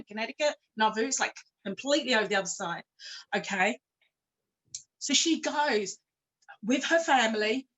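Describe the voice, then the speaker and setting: A woman's voice: on the high side, a bit bright, low-quality recording. A woman, speaking at a conference and telling a story in a conversational way, with frank personal asides and self-deprecating humor. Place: church hall.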